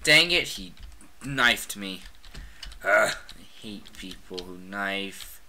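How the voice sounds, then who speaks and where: Excitable trash-talking gamer, piercingly bright tone, unhurried delivery. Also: sits low, a little hiss or hum. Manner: excitable, trash-talking, frequent shouted outbursts. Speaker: gamer playing a shooter. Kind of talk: casual gameplay commentary.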